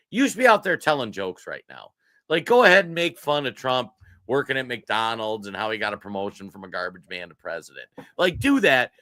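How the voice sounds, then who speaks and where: A man's voice: medium pitch, pushed and bright, no room sound. Male pundit co-host, mocking and emphatic, dry close recording. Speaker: political talk show co-host. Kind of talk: casual commentary.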